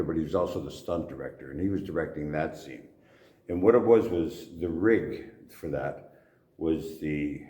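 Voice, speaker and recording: A very deep-voiced older man spins stories in a gruff, casual way, swearing freely. The sound is roomy, like a busy convention hall. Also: a little mellow. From Canada. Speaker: actor guest. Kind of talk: anecdotal interview storytelling. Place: convention venue indoors. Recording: echoey convention room.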